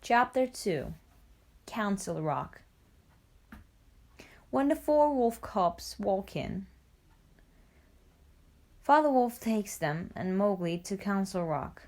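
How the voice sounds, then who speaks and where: A woman narrating a storybook for language learners, reading clearly and deliberately. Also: mid-range voice, expressive, darkish tone. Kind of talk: graded-reader storybook narration.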